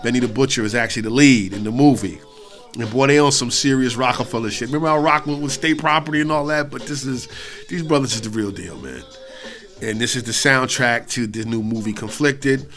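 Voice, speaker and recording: A middle-aged man from New York State hosting a hip-hop radio show, talking loosely between songs with slang, swearing and shout-outs. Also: mid-range voice, brisk.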